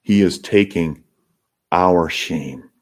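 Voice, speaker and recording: A man's voice: deep voice, slow pace. A man preaching a sermon as pastor, earnest and emphatic, lifting his voice when he acts out the crowds. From Canada.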